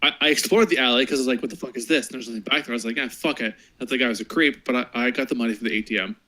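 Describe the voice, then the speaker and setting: A man co-hosting a gaming podcast in casual chat, speaking in a quick, earnest way with stumbling restarts. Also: medium pitch, sharp tone. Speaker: podcast co-host.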